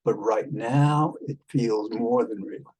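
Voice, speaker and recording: A man chatting casually with an AI companion as a vlog host, rambling and halting with many fillers, tender with pet names. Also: medium pitch, a little mellow, poor audio. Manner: tender, calls the listener love and darling.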